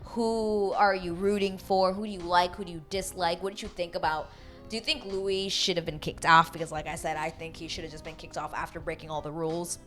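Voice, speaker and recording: A woman casually recapping a reality show, animated and swearing freely as she acts out quotes. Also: fairly low pitch, fairly quick, soft background music.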